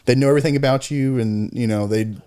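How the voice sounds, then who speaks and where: A man in casual podcast chat, excited, swearing often and calling people dude. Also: medium pitch, fast talker, clean tone. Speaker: podcast co-host.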